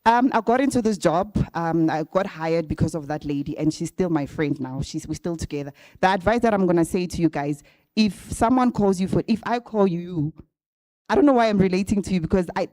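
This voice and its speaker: A woman's voice: fairly low pitch, brisk, mellow, no room sound, studio quality. A woman telling a personal story to an audience of graduates in a casual way, often checking in with "right?". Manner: chatty, addresses the audience directly with frequent "right?". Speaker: guest speaker at a graduate bootcamp. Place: event venue with a live audience. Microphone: handheld or stand microphone.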